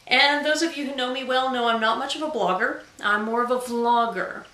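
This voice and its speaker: A woman's voice: a little high, fairly quick, sharp tone, reverberant, poor audio. A woman author talking casually straight to camera in a chatty, self-deprecating way, with frequent ums. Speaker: author and guest vlogger.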